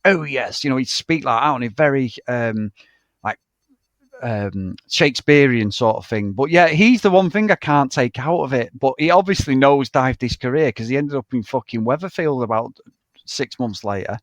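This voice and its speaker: A man's voice: mid-range voice, normal speed, dry recording, clean studio sound. A man, co-hosting a casual film podcast and telling sweary, laughing anecdotes. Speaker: podcast co-host.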